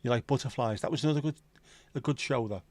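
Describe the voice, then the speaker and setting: A man's voice: mid-range voice, quick pace, darkish tone, dry recording. A man hosting a casual livestream chat, reading out viewer comments in a bantering, crude, sweary way. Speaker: livestream host.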